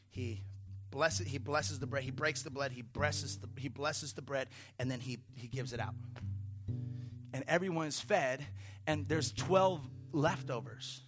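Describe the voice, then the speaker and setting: A man preaching a conversational sermon in a church, telling a story in an animated way with playful asides. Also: medium pitch. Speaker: pastor.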